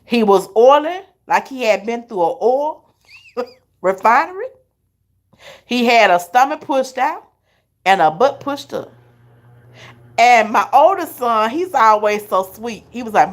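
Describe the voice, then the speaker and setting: A middle-aged woman, hosting a live stream and telling her viewers stories in an animated, chatty way, laughing often. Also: fairly high pitch, measured pace, pauses often. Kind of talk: casual storytelling to viewers.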